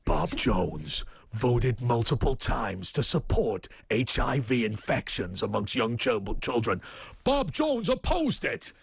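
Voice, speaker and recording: A man's voice: mid-range voice, big pitch swings, gravelly, breathy edge, dry recording, voice pushed down, heavily acted. Man doing a sinister American attack-ad announcer. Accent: American, put on. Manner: slow, sinister, dramatic delivery. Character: gravelly American attack-ad announcer, male, ominous.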